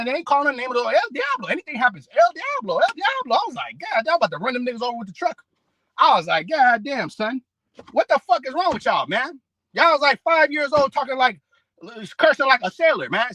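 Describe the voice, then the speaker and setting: A man's voice: very high voice, pushed and bright, dry recording, rough recording. A man preaching a heated, profane religious rant, scolding his listeners and quoting scripture between outbursts. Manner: scolding, peppered with "man" and "bro".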